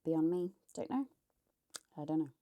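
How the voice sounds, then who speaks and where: A woman's voice: low-pitched, lively intonation, moderate pace, dark tone. An Australian woman telling a true crime story in a casual, chatty way, blunt and swearing as she editorialises.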